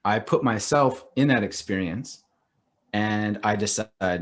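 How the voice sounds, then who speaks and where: Middle-aged guy on a podcast, animated, says like a lot, acts out little quotes. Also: on the low side, takes it slowly. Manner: animated, acts out quoted reactions, heavy use of "like". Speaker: podcast guest. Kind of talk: casual podcast conversation.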